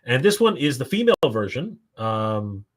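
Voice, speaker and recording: A man hosting a live stream, rambling excitedly with lots of fillers and restarts. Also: mid-range voice, normal speed. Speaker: toy show host. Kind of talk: casual live-stream commentary.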